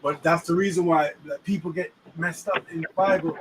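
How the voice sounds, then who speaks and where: A man's voice: a little high, steady tone, brisk. A man hosting a casual chat about the weekly Torah portion, using street slang and often checking that the listener follows him. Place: inside a moving car. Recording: distant mic in a car with faint road noise.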